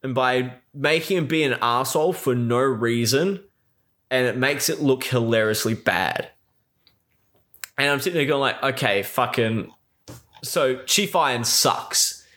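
A man's voice: mid-range voice, a little slow, fairly bright tone. A young man recapping a film in a casual, sweary, rambling rant full of sarcasm. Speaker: film reviewer.

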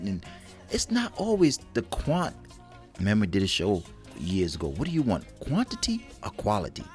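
A man co-hosting a casual chat show, animated and laughing, talking in loose street slang. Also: fairly high pitch, normal speed, faint music behind. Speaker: co-host.

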